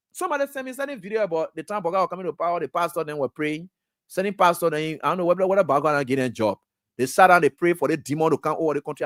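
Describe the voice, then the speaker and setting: A man's voice: a little high, no room sound, studio quality. A man with a Liberian English accent hosting a political talk radio show, scolding and firing rhetorical questions straight at the president. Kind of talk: fiery political commentary.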